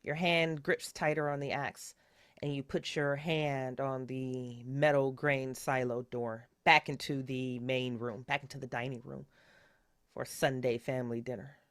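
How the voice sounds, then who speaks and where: Gm lady narrating a creepy tabletop game, calm and even, dead dry sound. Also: very deep voice, unhurried, no room sound. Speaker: game master.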